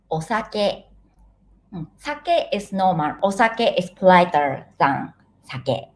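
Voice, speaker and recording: A woman from eastern Japan with a Japanese accent, teaching a live online language class and patiently saying each word slowly for learners to repeat. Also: on the low side, big pitch swings, a little mellow. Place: home, living in Thailand.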